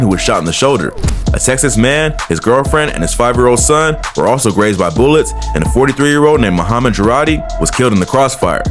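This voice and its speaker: A man reading a scripted documentary narration in a matter-of-fact way. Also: medium pitch.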